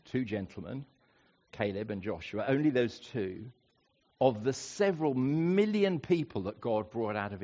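A man preaching a sermon, slowing down and rising in pitch to stress key points. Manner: expressive, rising for emphasis and slowing on key phrases. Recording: dull lo-fi recording.

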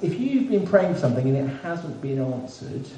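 Conversational preacher in an echoey hall. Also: male voice, fairly high pitch, big pitch swings, moderate pace, dark tone. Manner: conversational, self-deprecating humour. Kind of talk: sermon. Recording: echoey room, mic at a distance, faint background hiss.

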